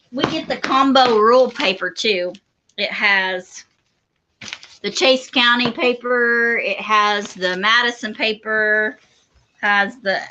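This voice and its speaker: A woman's voice: a little high, bright, forceful tone, highs cut off, a little hiss or hum. A woman co-hosting a homestead livestream, chatty and agreeable, chiming in often. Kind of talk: casual live-stream chat.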